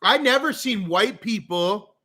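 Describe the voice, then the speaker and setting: A man's voice: sits high, expressive, a little slow, bright, forceful tone, breathy edge. A man with a Canadian accent telling a long, rambling story in a casual rant, swearing often and talking with a lot of animation. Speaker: streamer.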